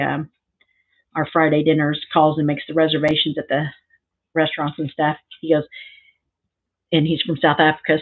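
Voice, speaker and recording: A woman chatting casually through a crafting tutorial, rambling into side stories and filling pauses with lots of ums. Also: sits low. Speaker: craft vlogger. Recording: thin phone-like sound.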